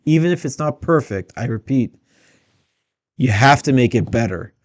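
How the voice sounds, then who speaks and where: A man's voice: mid-range voice, lively intonation, normal speed, no echo. A man giving blunt, critical casual commentary on interview clips. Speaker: political commentator.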